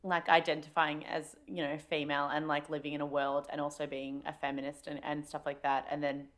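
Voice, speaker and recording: A woman's voice: low voice, little pitch movement, fairly quick, fairly bright tone. An Australian woman co-hosting a podcast, talking frankly and with feeling, swearing freely in casual chat. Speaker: podcast co-host.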